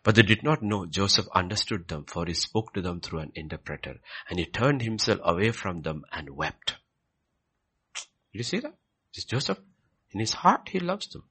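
Reading scripture aloud as he preaches, a man swings from low murmurs to loud, high, emphatic bursts, repeating key phrases to the congregation. He's very animated, slightly rough-voiced, and keeps a moderate pace.

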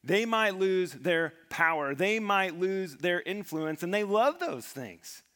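Pastor type, man with a fairly high voice, earnest sermon delivery, long hall reverb. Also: big pitch swings, slow pace, bright, forceful tone. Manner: earnest, repeats words for emphasis.

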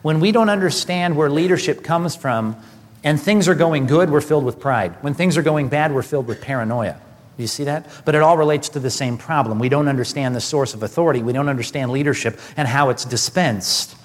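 A man's voice: fairly high pitch, brisk. Emphatic preacher man in a reverberant hall. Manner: emphatic preaching, rising animated peaks. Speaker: pastor. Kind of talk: sermon.

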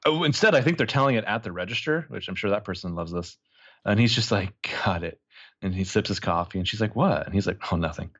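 A man chatting casually on a podcast, retelling a TV episode scene by scene. He keeps jumping into the characters' lines with animated put-on voices. His voice sits on the low side and the recording sounds a little dull. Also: quick pace, slightly rough. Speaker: podcast co-host recapping a TV episode.

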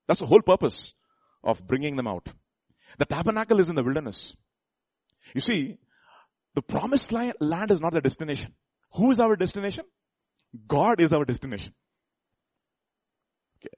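A man's voice: high-pitched, expressive, normal speed, pauses often, no echo. A man preaching a sermon in a conversational way, often asking the congregation questions and restarting his sentences.

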